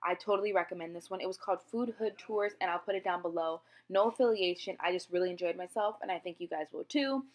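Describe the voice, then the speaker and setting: A woman's voice: lowish voice, quick pace, hardly any pauses. Chatty young woman vlogging her travels. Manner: chatty and enthusiastic, recommending places. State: out of breath. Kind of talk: casual travel vlog chat.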